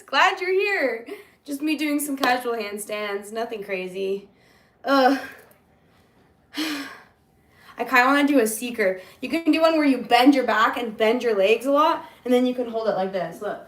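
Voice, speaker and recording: A woman's voice: fairly high pitch, lively intonation, moderate pace. Giggly young woman chatting on a livestream. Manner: giggly, chatty, reads viewer comments aloud. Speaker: singer livestreaming to her chat. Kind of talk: casual livestream chat. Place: small home basement apartment.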